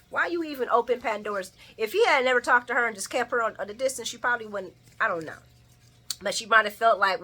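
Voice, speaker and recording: A woman's voice: a little high, animated, fast, sharp tone, breathy edge. A woman giving a casual recap of a soap episode, chatty and slangy, laughing often. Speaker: soap opera recap vlogger.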